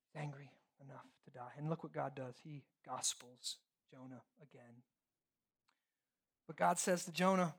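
Pastor, male, emphatic sermon delivery, dips to near-whispers and climbs to loud points. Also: fairly high pitch, normal speed. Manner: animated, emphatic, shifts from hushed to loud.

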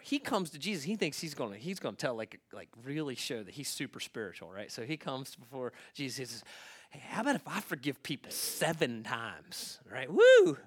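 A man delivering a sermon in a bright, fairly high voice. He talks to his listeners conversationally and keeps checking in with them. He drops to quiet asides, then rises to loud, emphatic peaks. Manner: animated, swings between hushed asides and loud emphatic bursts; conversational, checks in often with "right?" and "okay?". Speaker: pastor.

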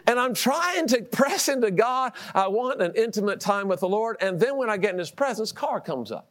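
A middle-aged man preaching a sermon, telling a personal story with lively delivery, repeating words and laughing at himself. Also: sits high, normal speed.

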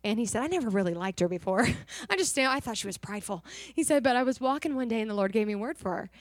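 A young adult woman giving an earnest, animated personal testimony to a church congregation, acting out the dialogue as she tells it. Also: fairly high pitch, quick pace, dry recording. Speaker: missionary sharing testimony.

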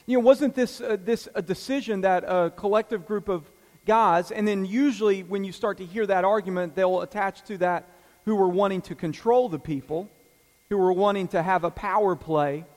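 A man's voice: high-pitched, moderate pace. A male pastor preaching a sermon in a loose, conversational way, with fillers and restarts. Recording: long hall reverb.

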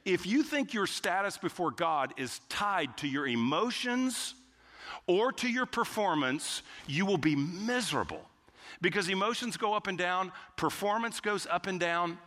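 A man's voice: high-pitched, lively intonation, unhurried, pushed and bright. A man preaching a sermon as pastor, emphatic and driving home key phrases by repeating them. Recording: long hall reverb.

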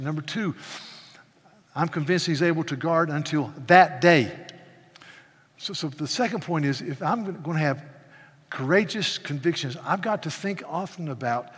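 A male pastor preaching a sermon with passion, swinging from soft asides to loud exclamations, with stammering restarts. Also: a little high, slightly rough, in a large hall.

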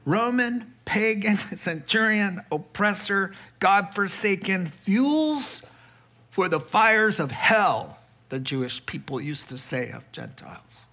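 Slow, animated male preacher acting out scenes. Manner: animated, acts out biblical figures in dialogue; slow, deliberate delivery with sudden high bursts. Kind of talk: sermon.

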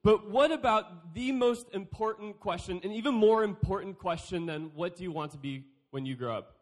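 Young guy preaching to kids, high voice, goofy and jokey. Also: lively intonation, moderate pace. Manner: playful, joking, acts out quotes. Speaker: youth speaker. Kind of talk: youth sermon talk.

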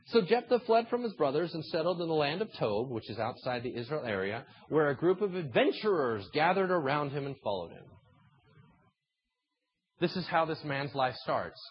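A man preaching a sermon, acting out imagined conversations between God and people in an animated way. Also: on the high side, moderate pace, lo-fi sound, a little hiss or hum. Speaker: pastor.

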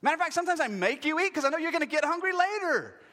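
A man in his thirties preaching a sermon, lively and joking, acting out voices as he speaks. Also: very high voice, very fast. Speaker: pastor. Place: church sanctuary. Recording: long hall reverb.

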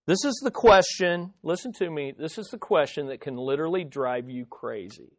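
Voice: medium pitch, expressive, moderate pace. Emphatic Bible teacher quizzing a live group. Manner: emphatic, questions the listeners directly.

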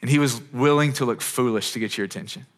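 Earnest pastor preaching in a reverberant hall. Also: male voice, mid-range voice, fast. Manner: earnest, conversational preaching with frequent restarts. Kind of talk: sermon. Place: church auditorium.

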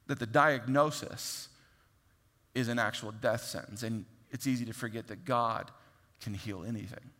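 A man preaching a sermon, acting out voices and swinging from loud to hushed. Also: mid-range voice, steady tone, moderate pace, big-room sound. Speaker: pastor.

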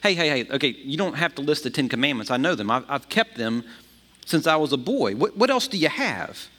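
A man's voice: a little high, sing-song, a little fast, fairly bright tone. Impatient, self-assured young man, as a preacher does him; raised voice, sermon retelling with hall echo. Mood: eager. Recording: long hall reverb.

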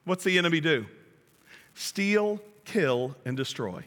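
A male pastor preaching a sermon in a joking, animated way, acting out the quotes he reads. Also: a little high, takes it slowly, long reverb tail. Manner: jokey, animated, acts out quotes.

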